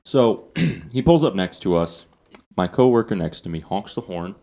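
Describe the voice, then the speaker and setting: Low-voiced man telling a profane story. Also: animated, normal speed, warm tone. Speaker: podcast host. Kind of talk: casual storytelling.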